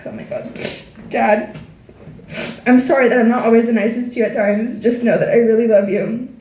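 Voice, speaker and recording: Brief: teen girl, senior speech, tearful and heartfelt, mellow voice, echoey room. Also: a little high, steady tone, brisk, distant mic. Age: teens. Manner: heartfelt, reading thank-yous. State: tearful, near crying. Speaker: graduating student. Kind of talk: senior speech read aloud.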